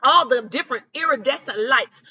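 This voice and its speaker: A woman's voice: high voice, normal speed, bright, forceful tone, husky, muffled recording. A woman giving a casual, encouraging spiritual pep talk, often checking in with "okay?" and "you know what I'm saying?". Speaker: spiritual guidance creator.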